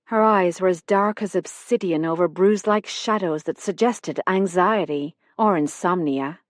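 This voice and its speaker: A woman narrating a mystery audiobook in an even, measured voice from a close studio mic. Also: fairly low pitch, dry recording. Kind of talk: scripted narration.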